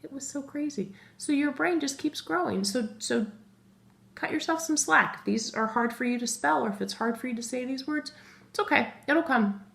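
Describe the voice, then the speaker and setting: A woman's voice: high voice, normal speed, gravelly, fairly bright tone. A middle-aged woman teaching a phonics lesson to young children, talking to them directly and patiently spelling words out letter by letter. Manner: talks directly to children as guys.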